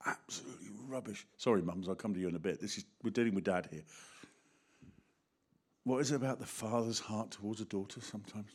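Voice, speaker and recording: Animated English preacher, middle-aged man. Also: lowish voice, fast talker, slightly rough. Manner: animated, acts out voices, talks directly to the congregation. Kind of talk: sermon.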